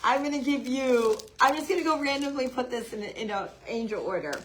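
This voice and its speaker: A woman hosting a live craft stream, chatting softly to viewers by name and gushing over the decorations. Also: sits high, animated, fairly quick, slight background noise, low-quality recording. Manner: hushed, half-whispering. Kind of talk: casual live-stream chat.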